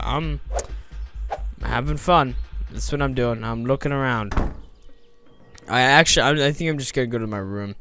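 A man giving casual let's-play commentary, chatty and excitable, often breaking into surprised exclamations. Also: medium pitch, moderate pace, long pauses, faint music behind. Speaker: gameplay commentator.

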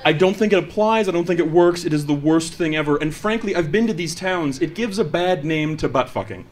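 A man's voice: on the high side, brisk. A man doing a stand-up comedy set on stage, chatty and self-mocking, acting out quoted voices into a handheld mic. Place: comedy stage before a live audience.

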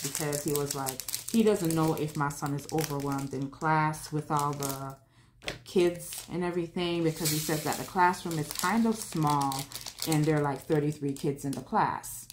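A woman with a low voice talks in a loose, rambling way as she works on a craft at home. She is candid and talks half to herself. A faint hiss sits under her voice. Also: steady tone, moderate pace. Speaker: vlog host. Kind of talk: casual chat while crafting.

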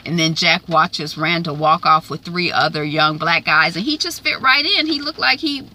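A woman giving a casual, chatty TV episode recap, animated and slangy, with lots of "um" and "like" and opinionated asides. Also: on the low side, normal speed, few pauses, low-quality recording. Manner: animated retelling, chatty with frequent "um" and "like". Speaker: TV recap vlogger.

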